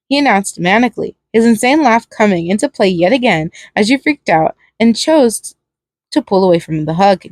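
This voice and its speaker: A woman reading fan fiction aloud as narrator, steady but with small restarts. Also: mid-range voice, fairly quick, dry recording.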